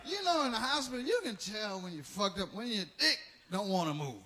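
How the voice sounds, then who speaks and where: A man's voice: high voice, big pitch swings, brisk, pushed and bright, a little hiss or hum. A man performing live stand-up comedy, telling a profane story and jumping into acted voices.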